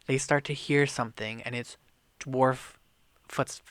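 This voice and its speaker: Bright-voiced, animated podcast co-host, a man. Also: medium pitch, measured pace, dry recording. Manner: animated, profane, acts out lines. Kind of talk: casual book-club chat, retelling the plot.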